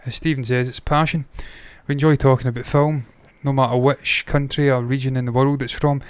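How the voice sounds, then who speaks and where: A man's voice: medium pitch, flat delivery, a little fast, smooth, no echo. A man co-hosting a casual movie news live stream, talking loosely and bluntly and swearing constantly. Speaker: co-host of a movie news show.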